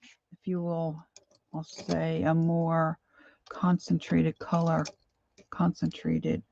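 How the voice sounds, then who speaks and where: A woman's voice: low voice, completely flat delivery, slow, vocal fry, dark tone, muffled recording. An older woman chatting casually while she paints live, rambling and reading viewer comments aloud. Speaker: painting instructor. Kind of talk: live painting stream chat.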